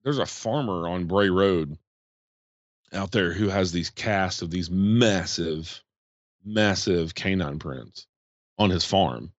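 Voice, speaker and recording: A man's voice: sits low, takes it slowly, dry recording, highs cut off. A man, chatting casually on a podcast and rambling with many fillers. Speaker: podcast host. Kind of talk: casual chat.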